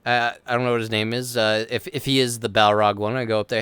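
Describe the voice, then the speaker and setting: A man's voice: medium pitch, little pitch movement, fast, few pauses, fairly bright tone, smooth, dry recording. A man chatting casually as his roleplay character, rambling with frequent laughs and playful voiced asides.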